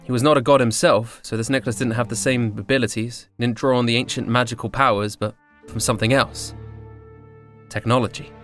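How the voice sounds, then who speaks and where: A man reads a scripted fantasy story in a wry, dry manner with playful wordplay. His voice sits at an ordinary pitch, with soft music in the background. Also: fairly even intonation, a little fast. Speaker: storyteller of a tabletop campaign epilogue.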